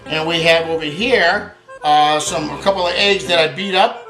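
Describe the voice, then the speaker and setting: With a fairly high voice at an ordinary speed, the cooking show host demonstrates a dish at home, bantering in a homespun, humorous style peppered with Italian. The space is echoey, and soft guitar music plays.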